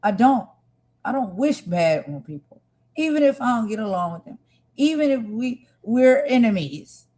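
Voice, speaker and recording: A woman's voice: fairly high pitch, very animated, moderate pace, warm tone. Impassioned woman hosting a livestream. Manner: earnest, impassioned, talks to viewers directly. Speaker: livestream host. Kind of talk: emotional livestream commentary.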